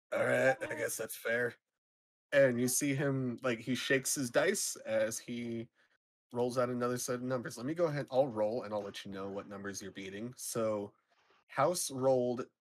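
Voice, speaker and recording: A man running a tabletop game as game master, narrating in a loose, filler-heavy way. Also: medium pitch.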